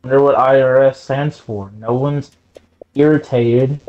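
A man in casual gaming banter, making crude wordplay and deadpan teasing. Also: medium pitch, unhurried, highs cut off. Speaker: gamer in voice chat. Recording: noisy voice chat mic.

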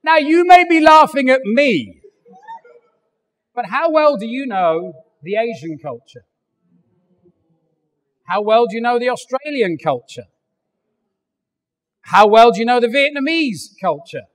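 An older English man preaching a sermon, animated and joking, acting out little voices as he goes. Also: extremely high pitch, a little slow, pauses often, big-room sound. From England. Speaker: pastor. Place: large church hall.

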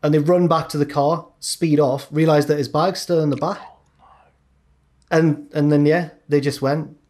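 A man's voice: fairly high pitch, steady tone, normal speed, a little mellow. A young man co-hosting a podcast, telling a long rambling story in a casual, chatty way. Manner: rambling, chatty, drops into mate's voices. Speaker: podcast co-host.

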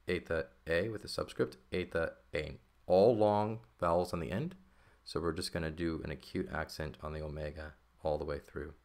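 Brief: male instructor, very low voice, patient step-by-step explanation, recorded lesson delivery. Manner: patient, explanatory, frequent "okay?" and "right?" check-ins. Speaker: Greek teacher.

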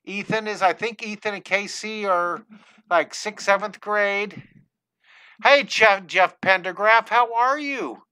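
An older man, a drawing teacher, greeting viewers by name in a live online lesson, excitable and scattered, talking into a headset mic at home. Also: high-pitched, clear, resonant tone, no room sound. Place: home studio.

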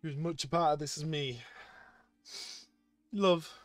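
A man live-streaming as he opens trading card packs, chatting excitedly with his viewers. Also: on the high side, fast, no room sound, soft background music. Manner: excitable, chatty, talks to chat. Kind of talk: casual live-stream chat.

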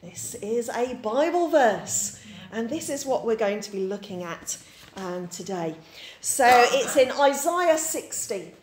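In an echoey church, a Yorkshire woman in her forties, a pastor, gives an animated sermon at a slow pace in a fairly high voice. It's a chatty, anecdote-filled talk in which she quizzes her congregation.

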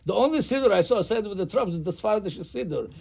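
A man teaching a Jewish law class as a rabbi, halting and repeating words as he explains texts. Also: high-pitched, lively intonation, creaky, a little mellow, slightly rough. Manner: halting, repeats words, reads Hebrew text in chant. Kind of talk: halacha class.

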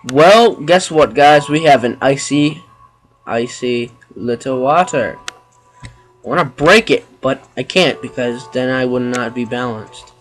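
Man for a let's play: slow, chatty, sarcastic, bursts of loud exclamations, music underneath. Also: mid-range voice. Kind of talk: casual gameplay commentary.

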